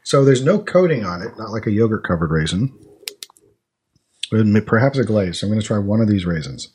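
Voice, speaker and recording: A man talks casually in a low, husky voice. He muses and thinks out loud, trailing off into fillers as he goes. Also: big pitch swings, brisk. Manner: chatty, thinks aloud with fillers while eating. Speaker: podcast host tasting snacks. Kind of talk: casual chat.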